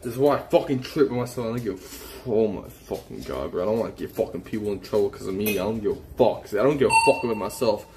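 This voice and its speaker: A man's voice: fairly low pitch, very fast, few pauses. A man live streaming, ranting in an agitated, profane, repetitive way. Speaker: IRL streamer. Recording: noisy live-stream audio.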